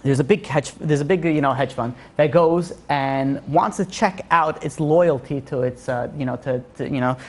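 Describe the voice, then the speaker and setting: A man's voice: fairly high pitch, normal speed, hardly any pauses. A man, a rabbi, giving a rambling Torah lecture full of restarts and fillers. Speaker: rabbi teaching a class.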